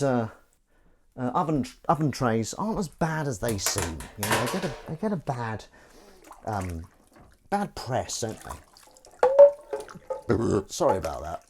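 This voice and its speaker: A man's voice: medium pitch, very animated, measured pace, pauses often, heavy background noise. An English man hosting a live stream, chatting in a jokey, rambling way with viewers while he washes dishes. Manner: jokey, rambling, chats to viewers between tasks. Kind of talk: casual chat while washing dishes.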